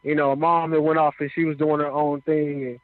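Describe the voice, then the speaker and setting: His pitch sits fairly high and his tone stays level as he talks a bit quickly, with no room sound at all. In a conversational way, he shares his life story and keeps checking "you know what I mean?" The audio is dry and sounds like radio over a phone.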